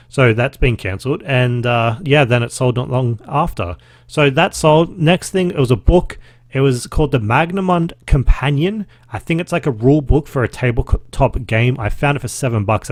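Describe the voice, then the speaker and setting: A man in his thirties with an Australian accent talks in a loose, chatty way, swearing often. His pitch is mid-range for a man. The recording is dry and close, with no room sound. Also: dry recording. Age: 30s. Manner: chatty and profane, with laughs. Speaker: podcast host. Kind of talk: casual solo podcast recap.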